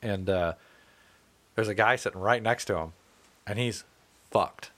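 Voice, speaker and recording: A man's voice: on the low side, a little slow, a bit bright. A man in his thirties telling stories in casual chat, swearing freely and laughing as he goes. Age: 30s. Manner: profane, laughing storyteller.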